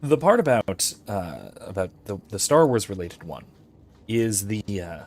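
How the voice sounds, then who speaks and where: A man's voice: on the low side, very animated, unhurried, a little mellow. A man hosting casual gameplay commentary on philosophy, hiccuping throughout and apologizing while rambling with many fillers. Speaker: philosophy lecturer and let's-play host.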